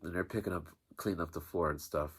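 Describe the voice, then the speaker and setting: A man, a teacher, telling a rambling school story in an animated, casual way. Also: sits low, quick pace, slightly rough. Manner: animated, rambling, with many restarts. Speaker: teacher and vlogger.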